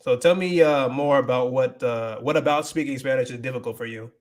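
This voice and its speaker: A man's voice: medium pitch, fairly quick. A man hosting a casual livestream, rambling with many restarts, switching between English and Spanish and reading viewer comments aloud. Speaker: livestream host.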